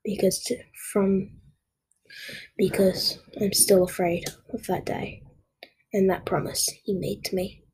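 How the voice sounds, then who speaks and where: Slow, breathy woman reading stories. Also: mid-range voice, flat delivery, darkish tone. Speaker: podcast host. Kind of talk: reading her own short stories aloud.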